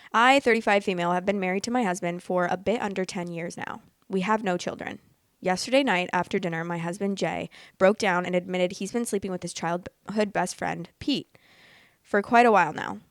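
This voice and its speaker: Chatty excitable young woman, dry sound. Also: lowish voice, clean tone, no echo. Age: late 20s. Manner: candid, excitable, swears freely, laughs often. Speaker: podcast host reading Reddit stories. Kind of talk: casual chat and reading posts aloud.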